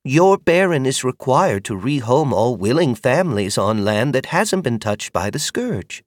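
Gentle middle-aged woman, voiced by a man, measured, motherly, higher pitch, varied pitch, dry audiobook sound. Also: big pitch swings, no room sound. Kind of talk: audiobook character voice.

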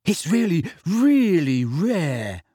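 A man's voice: a little high, sing-song, measured pace, slightly rough, dry recording, clean studio sound, pitched above the performer's own voice, full character voice. A man reading a story aloud, voicing a clumsy, eager teenage boy wizard who talks breathlessly and earnestly. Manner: breathless, earnest, a little flustered.

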